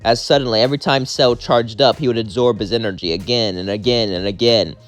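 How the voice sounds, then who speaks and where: A man's voice: medium pitch, fairly even intonation, a little fast. A man narrating a fan-fiction story in a casual, conversational way. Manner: conversational, plain. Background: faint music.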